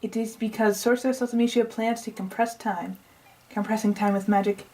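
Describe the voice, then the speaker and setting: She reads game dialogue aloud a little fast, her fairly high voice mostly even in intonation, a little mellow and lightly acted, on low-quality audio. The character is a pompous, eccentric male scientist laying out a long plan in a lecturing way, and her half-hearted put-on accent keeps dropping.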